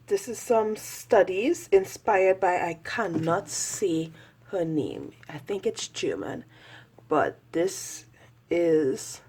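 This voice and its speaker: A woman's voice: on the low side, darkish tone, husky. A woman chatting casually through a sketchbook tour, rambling and self-mocking, often laughing at her own drawings. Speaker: artist vlogger.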